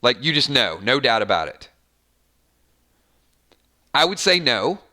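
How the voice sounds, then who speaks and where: A man hosting his channel's casual fan chat speaks a little slowly in a mid-range voice. He's a Georgian with a light Southern accent who rambles, repeats words, and stays animated.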